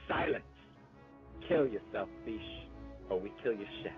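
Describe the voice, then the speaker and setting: A man's voice: fairly low pitch, expressive, a little slow, narrow, tinny audio, music in the background. A man voicing a ruthless young man with mystic powers who gives cold, mocking commands. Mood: commanding.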